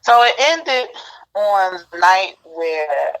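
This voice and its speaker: A woman's voice: medium pitch, very slow, rough recording. A woman as a guest, casually telling a personal story and acting out what each person said. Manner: acts out quoted dialogue in lively retelling.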